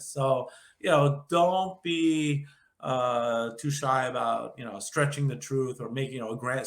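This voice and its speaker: Guest: quick, nasal New York man in his fifties, jokey rambler, roomy echoey sound. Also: mid-range voice. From Long Island, New York. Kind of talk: casual interview chat.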